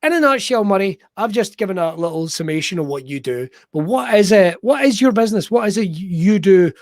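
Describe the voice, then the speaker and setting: A man's voice: high-pitched, expressive, brisk, dry recording, studio quality. A man with a Scottish accent hosting a podcast remotely, upbeat and jokey like a showman. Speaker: podcast host. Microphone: remote call.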